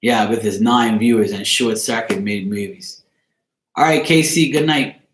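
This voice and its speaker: A man's voice: lowish voice, a little slow, slight background noise. A man hosting a casual tarot livestream, teasing and joking with his viewers. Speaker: tarot reader and streamer host. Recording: roomy echo.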